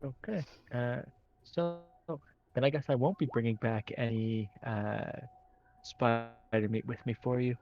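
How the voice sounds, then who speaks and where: A man's voice: mid-range voice, steady tone, measured pace, lo-fi sound. A man playing a tabletop game, roleplaying his character in a polite, hesitant way.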